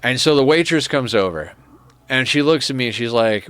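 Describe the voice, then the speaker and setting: Over a strategy game stream, a man with a medium-pitched, fairly bright voice that is clear and resonant chats casually at a quick pace, with no echo. He tells a meandering story at his desk microphone and laughs at his own tale.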